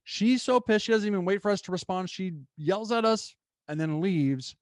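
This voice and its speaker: A young man hosting his own show, telling a story in an animated, casual way with lots of fillers. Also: high voice, normal speed, no room sound, clean studio sound. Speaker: podcast host.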